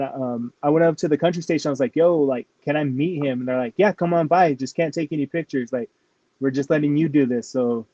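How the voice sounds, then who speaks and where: A man's voice: on the high side, dark tone, no echo, muffled recording. A man, a rapper from New Mexico, telling stories in a casual interview, filling nearly every phrase with "like". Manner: rambling, fills with "like" constantly.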